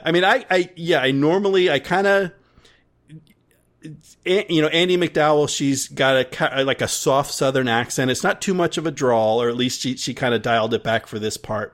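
A man co-hosting a podcast in casual chat, rambling with restarts and frequent laughter. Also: medium pitch. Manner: rambling, many restarts and fillers, laughs often. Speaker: podcast co-host.

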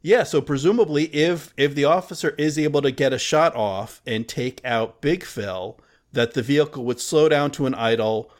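A man co-hosting a casual film discussion, musing out loud with hesitant restarts. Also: medium pitch, moderate pace. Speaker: podcast co-host.

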